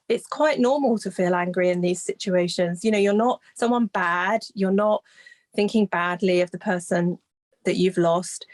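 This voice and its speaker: A woman speaks softly and reflectively as a grief recovery specialist in an interview. She often pauses, restarts and searches for words, keeping an even, gentle pace. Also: medium pitch. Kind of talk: interview, explaining.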